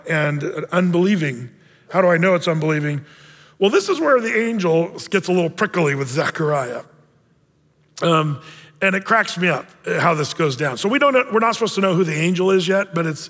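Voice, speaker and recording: A man preaching with a high, lifted voice and a loose, joking delivery. He keeps it conversational and sometimes acts out Bible figures in playful voices. His voice trails off into a long hall reverb. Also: fairly bright tone. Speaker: pastor. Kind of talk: sermon.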